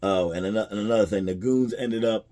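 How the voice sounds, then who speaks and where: A man's voice: on the low side, fairly quick, dark tone. A man casually retelling a movie's plot in a rambling way, chuckling at the jokes as a film reviewer.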